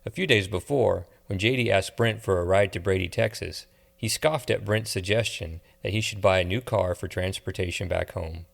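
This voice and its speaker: A man giving steady, measured audiobook narration. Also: low voice, vocal fry. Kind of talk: scripted narration.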